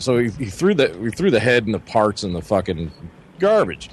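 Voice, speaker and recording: A man's voice: lowish voice, sing-song, brisk, breathy edge. A man telling a long camping story in a casual, profane, rambling way, often acting out his friends' voices. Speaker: podcast co-host.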